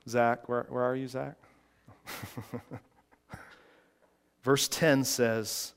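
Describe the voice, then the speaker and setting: A man preaching a sermon, slow and emphatic, with dramatic pauses. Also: mid-range voice, flat delivery, clear, resonant tone. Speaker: pastor.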